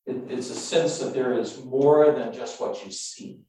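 A man preaching and telling stories in an animated, self-mocking way with halting restarts. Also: mid-range voice. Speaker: preacher and tour guide. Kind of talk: sermon with storytelling. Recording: echoey room, mic far off.

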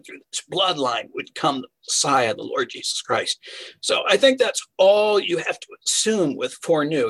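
A man's voice: on the high side, fairly bright tone, husky, poor audio. A man preaching a verse-by-verse Bible sermon, earnest and emphatic, asking rhetorical questions as he teaches.

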